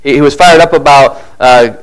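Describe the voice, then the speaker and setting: A man preaching a sermon who reads scripture aloud and acts out the figures in lively asides, often repeating words and restarting. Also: mid-range voice, moderate pace, rough recording.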